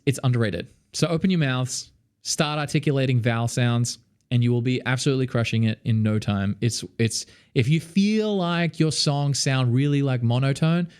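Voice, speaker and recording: Casual Australian male vocal coach, young, talks off the cuff with lots of fillers. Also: medium pitch. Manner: chatty, lots of fillers, sings demonstrations.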